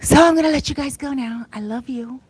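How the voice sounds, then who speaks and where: Woman, higher-pitched voice, effusive and affectionate, casual livestream chat, reads comments aloud. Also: a little fast, a little mellow, slightly rough. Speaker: livestream host and life coach. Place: outdoors in the Dominican Republic.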